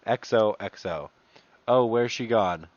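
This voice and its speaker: A man's voice: lowish voice, takes it slowly, no room sound, muffled recording. Profane, mocking man reading posts aloud. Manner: profane, mocking asides between read-out messages. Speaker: commentator reading online posts. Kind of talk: casual reading and commentary.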